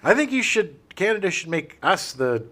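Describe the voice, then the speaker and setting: A middle-aged American man co-hosting a casual podcast chat. His voice is bright and forward, and his pitch swings widely as he jokes and teases himself. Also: moderate pace. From United States. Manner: joking, self-deprecating, lively. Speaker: podcast co-host.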